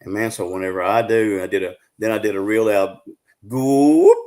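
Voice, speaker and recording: A middle-aged man with a Southern US accent, a guest telling a long story in a folksy, drawn-out way full of fillers. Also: on the low side, flat delivery. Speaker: guest, Bigfoot researcher. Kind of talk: casual storytelling on a live show.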